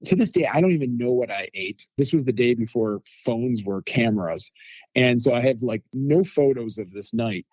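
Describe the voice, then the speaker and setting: A man telling lively food anecdotes as a guest in a casual interview, acting out quotes from people he met. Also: mid-range voice, moderate pace, slightly rough, no room sound. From United States. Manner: animated anecdotes with quoted voices.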